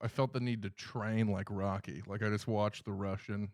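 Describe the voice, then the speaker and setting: A man talking as a guest on a casual comedy podcast, chiming in with quick quips. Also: fairly low pitch, fairly even intonation, darkish tone, dry recording, studio quality.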